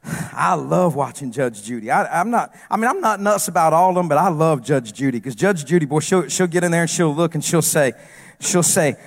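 A male preacher giving a humorous sermon on a church stage that builds into shouted preaching. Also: a little high, expressive, fairly quick, long reverb tail.

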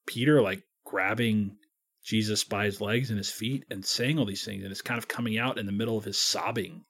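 Husky-voiced priest guy chatting about scripture, thinks out loud, lots of restarts and "you know"s. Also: lowish voice. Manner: reflective, imagines scenes aloud with hesitant restarts. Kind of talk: conversational faith podcast.

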